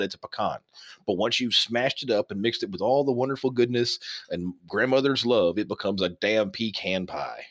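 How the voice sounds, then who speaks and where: A man's voice: fairly low pitch, a bit bright, no room sound. A man from Texas co-hosting a casual podcast, rambling and swearing as he lectures on history and word pronunciation. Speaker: podcast co-host. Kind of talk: casual chat.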